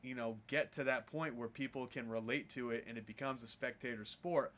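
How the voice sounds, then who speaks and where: A man's voice: mid-range voice, steady tone, brisk, a bit bright. A man who coaches throwing, chatting on a podcast in an earnest way and reasoning things out step by step. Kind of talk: casual podcast chat.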